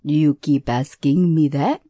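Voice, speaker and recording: A woman voicing a cruel male tormentor in a hellish place who mocks his victim in a slow, relishing way. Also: deep voice, steady tone, warm tone, breathy edge, no room sound, pitched below the performer's own voice, exaggerated voice.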